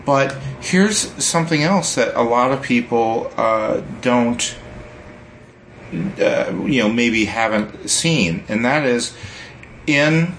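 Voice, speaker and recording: A man co-hosting a casual tech podcast, unhurried and hesitant, with many ums and restarts as he explains features. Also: medium pitch, animated, a bit bright, slight background noise. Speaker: podcast co-host.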